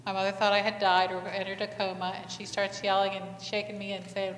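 A woman pastor gives a conversational sermon in a church sanctuary, asking many questions of the congregation and telling animated stories. Her medium-pitched, slightly bright voice is fairly quick but completely flat in delivery, and the hall is echoey with faint ambience.

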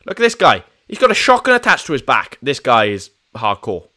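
A young man, joking through cop role-play as he plays a multiplayer game, jumping from loud yelps to muttered asides. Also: mid-range voice, wildly swooping pitch, brisk. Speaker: gaming channel host.

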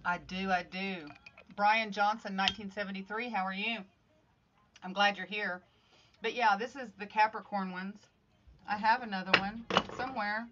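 Bright chatty woman on a live stream, greeting folks by name while crafting, kinda muffled phone sound, quiet music behind. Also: mid-range voice, steady tone, moderate pace, slight background noise. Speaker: livestream host making craft art. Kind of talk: casual livestream chat greeting viewers. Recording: slightly dull audio with faint music.

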